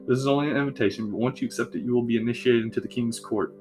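A man voicing a calm, wry young prince, reading him in his own voice. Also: mid-range voice, racing, faint music behind, natural voice.

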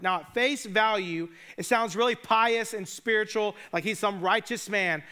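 High-voiced pastor preaching casually. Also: male voice, moderate pace, hardly any pauses, sharp tone, clean tone. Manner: casual, jokey retelling with conversational asides. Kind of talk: sermon.

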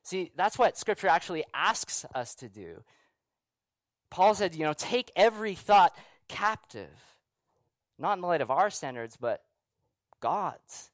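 A pastor preaching a sermon in a conversational way, with rhetorical questions and asides, sometimes dropping to a soft, quiet voice for emphasis. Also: male voice, fairly high pitch, very animated, unhurried, no echo.

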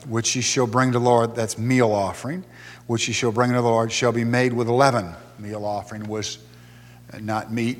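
Man teaching a sermon in a reverberant hall. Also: mid-range voice. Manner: conversational, explains verses and reads scripture aloud. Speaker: pastor.

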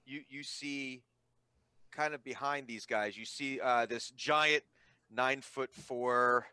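Halting man as game master. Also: mid-range voice, steady tone, pushed and bright, clean tone, no room sound. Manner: halting, full of restarts and fillers. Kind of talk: narrating a tabletop game.

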